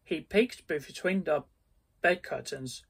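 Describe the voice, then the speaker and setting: Storybook reader: a man, slightly high, slow careful delivery. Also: vocal fry, slightly rough. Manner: slow, careful reading with small slips. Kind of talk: reading a storybook aloud.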